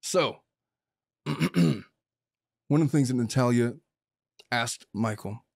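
A man's voice: medium pitch, takes it slowly, creaky, a little hiss or hum. A man hosting a podcast as a lawyer, talking through a case in a blunt, opinionated and emphatic way. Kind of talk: casual legal commentary chat.

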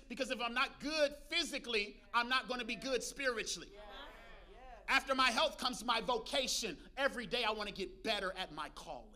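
A man preaching a lively sermon as pastor, calling out to the congregation and joking between points. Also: extremely high pitch. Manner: preachy call-and-response with congregation, humorous asides. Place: church.

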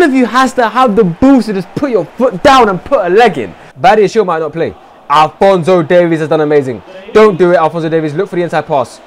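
A young man giving loud, swearing live commentary over a football video game, swinging from shouts to low mutters. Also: expressive, fast. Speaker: gaming streamer.

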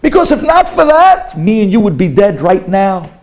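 A man voicing a proud former boxer who exclaims insistently at a raised pitch. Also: normal speed, mellow, close to an everyday voice. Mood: triumphant.

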